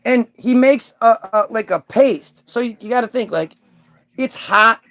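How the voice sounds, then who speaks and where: A man's voice: very high-pitched, measured pace, a bit bright. A man giving a rambling, profane, irreverent comedic rant as an online commentator.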